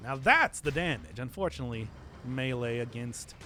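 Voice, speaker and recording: A man's voice: medium pitch, sharp tone, a little hiss or hum. A man from the American Midwest with a Midwestern accent, rambling and giggling through casual commentary while streaming a game. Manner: rambling, giggly, laughs often. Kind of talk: live gameplay commentary, casual chat.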